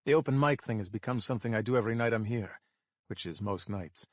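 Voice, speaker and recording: A man giving scripted audiobook narration in a measured, tense storytelling manner. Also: lowish voice, no room sound, clean studio sound.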